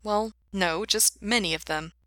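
A woman's voice: medium pitch, a little slow, no echo. A woman voicing a hesitant, anxious young man in a story she reads aloud. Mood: sheepish. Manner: hesitant, quiet, flustered.

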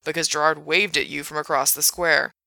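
A woman voicing a blunt young man who teases his friend in a deadpan, mocking way. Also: sits low, brisk, creaky, no room sound, heavily acted. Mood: teasing. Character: blunt teasing young man, laid-back buddy.

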